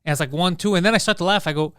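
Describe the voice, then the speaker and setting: A man hosting a podcast in casual chat, with rapid, laughing banter. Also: sits high, fairly bright tone, smooth, no room sound, clean studio sound. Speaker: podcast host.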